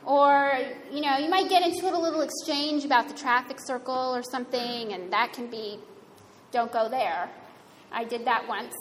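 A woman's voice: high voice, moderate pace, a bit bright. A woman giving a sermon in a conversational, wryly humorous way. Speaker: preacher. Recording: reverberant hall, faint room noise.

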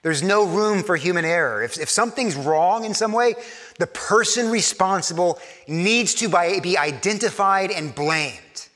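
A man's voice: high-pitched, measured pace, fairly bright tone. A man preaching a sermon in a conversational way, often repeating words and acting out imagined quotes. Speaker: pastor. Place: church. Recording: long church reverb.

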